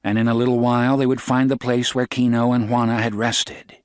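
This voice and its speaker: A man reading a novel aloud in measured, steady audiobook narration. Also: mid-range voice, dry recording, clean studio sound. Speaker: audiobook reader.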